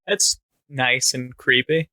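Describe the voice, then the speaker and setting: A man co-hosting a comedy podcast, speaking casually with wry, deadpan quips and plenty of fillers. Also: medium pitch, slow pace, a little hiss or hum. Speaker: podcast co-host.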